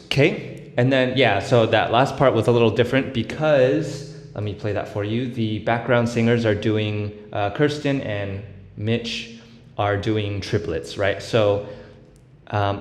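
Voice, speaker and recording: Man explaining beatbox in echoey room. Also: medium pitch. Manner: relaxed, explains step by step with many fillers, breaks into vocal sound demos. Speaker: beatbox tutor. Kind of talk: casual tutorial explanation. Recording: echoey room with long reverb.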